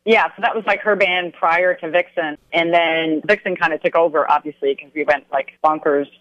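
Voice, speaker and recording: A woman, a guest musician calling in to a radio interview, chatty and quick to laugh. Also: lowish voice, fairly even intonation, a bit bright, dry recording. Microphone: phone. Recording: dull, dry phone line.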